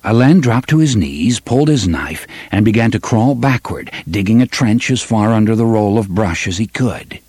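A man narrating an audiobook with an expressive, varied delivery. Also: lowish voice, moderate pace, few pauses, slightly rough, no room sound.

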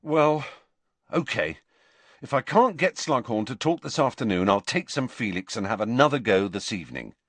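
A man voicing an earnest, quick-speaking teenage schoolboy in a storybook reading. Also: mid-range voice, very animated, no echo, pitched above the performer's own voice. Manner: earnest, quick, sometimes angry. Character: worried teenage schoolboy hero.

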